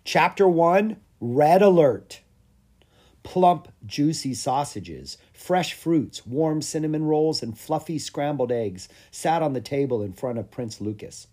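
A storybook reader narrating a children's fantasy tale with lively, animated expression. The voice is mellow and a little husky, rising and falling freely. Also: mid-range voice, slow. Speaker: audiobook reader. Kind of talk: children's storybook read-aloud.

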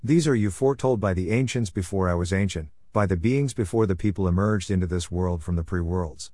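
A man voicing a wise, cryptic old grandfather spirit who speaks in a calm, teaching tone. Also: low-pitched, brisk, dry recording. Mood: patient, teaching.

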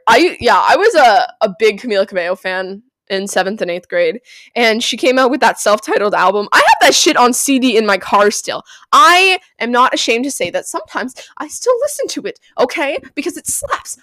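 A young woman hosting a casual solo podcast from her bedroom, chatty and profane, breaking into loud outbursts and laughter. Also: on the high side, no room sound. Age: young adult. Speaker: podcast host.

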